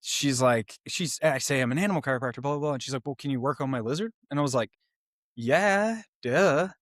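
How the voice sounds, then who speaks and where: A man, a chiropractor guest telling animated stories in a casual interview, often restarting his sentences. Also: medium pitch, rapid-fire, dry recording, clean studio sound. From Oklahoma, US. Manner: animated, self-interrupting, laughs through stories.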